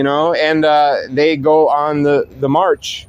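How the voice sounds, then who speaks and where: A man's voice: fairly high pitch, flat delivery, a little slow, hardly any pauses, clean tone, no echo. A man hosting a casual monologue, rambling and profane with frequent restarts. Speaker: host.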